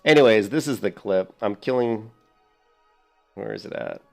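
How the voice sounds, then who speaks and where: A man's voice: on the low side, normal speed, gravelly, soft background music. Man rambling through gameplay commentary. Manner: rambling, animated storytelling with frequent restarts. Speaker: streamer.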